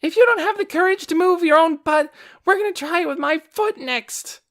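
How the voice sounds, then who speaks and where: A man voicing a brash, loud young dark elf girl in an audiobook, shouting and scolding. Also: very high voice, expressive, moderate pace, voice pushed up. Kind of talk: audiobook character voice.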